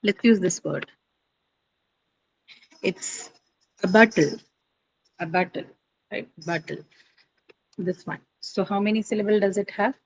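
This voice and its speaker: A woman's voice: mid-range voice, unhurried, gravelly, long pauses, breathy edge, rough recording. Woman teacher explaining word stress. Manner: explanatory, frequent "uh" and "right?" checks. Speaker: English pronunciation teacher. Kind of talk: online class lecture.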